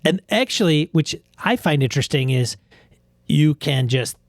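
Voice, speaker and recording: A man's voice: fairly high pitch, lively intonation, normal speed, dry recording, clean studio sound. A man hosting a gaming podcast in casual chat, rambling and restarting his sentences as he goes. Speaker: podcast host.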